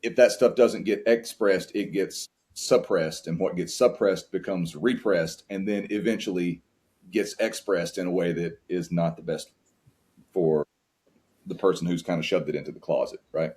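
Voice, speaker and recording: Man, very deep voice, podcast guest, earnest, reflective, open-hearted talk. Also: fairly even intonation, moderate pace, a little mellow. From United States. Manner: earnest, open, with frequent restarts. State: tearing up at times.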